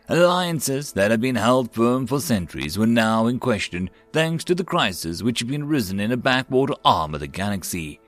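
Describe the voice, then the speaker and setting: Man narrating sci-fi stories. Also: medium pitch. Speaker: story narrator. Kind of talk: scripted narration.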